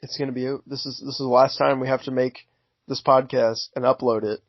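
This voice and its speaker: A man's voice: mid-range voice, level tone, fairly quick, dry recording. A man co-hosting a podcast, arguing his view earnestly and carefully, often restarting his sentences. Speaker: podcast co-host. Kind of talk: casual podcast chat. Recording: dry, dull lo-fi audio.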